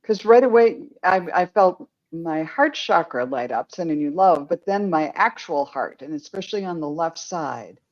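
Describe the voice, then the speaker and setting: A woman medium giving a psychic reading in a gentle, hesitant way, with many pauses and ums. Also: on the low side, animated, muffled recording.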